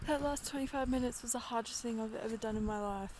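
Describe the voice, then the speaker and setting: Young Australian woman, candid vlog chat, fairly high voice, noisy outdoor phone audio. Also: quick pace. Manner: chatty, candid, swears freely. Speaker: travel vlogger. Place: outdoors on a windy mountain.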